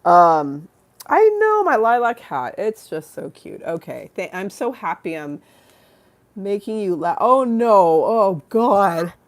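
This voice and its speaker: Low-voiced, tired, rambling woman host. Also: big pitch swings, unhurried. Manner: rambling, self-mocking, laughs often, reads chat aloud. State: tired, yawning. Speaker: livestream talk show host. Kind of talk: casual livestream chat.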